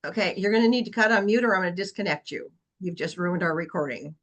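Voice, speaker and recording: A woman's voice: fairly low pitch, fast, rough recording. A woman real estate agent presenting a webinar session, telling a long client story in an earnest, anecdotal way with frequent fillers.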